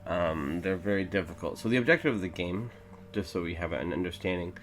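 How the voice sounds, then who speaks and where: A man's voice: low-pitched, fairly quick, poor audio. A man hosting a let's play, talking through a game in rambling, filler-heavy casual commentary.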